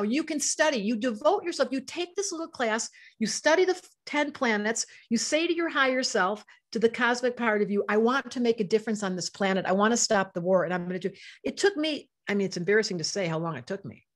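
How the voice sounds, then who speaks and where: Her voice a little high, an older woman passionately and emotionally teaches astrology to a live online audience. She reads out chat comments while she talks.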